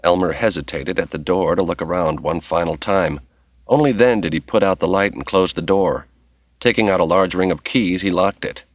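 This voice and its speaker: A man narrating a novel as an audiobook in a steady, measured reading voice. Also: low voice, no echo, dull audio.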